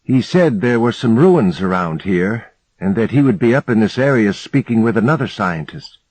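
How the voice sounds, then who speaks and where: Male reader voicing a formal Scandinavian professor, polite and anxious, pitched higher than his deep husky voice. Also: animated, moderate pace, darkish tone, no echo. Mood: alarmed.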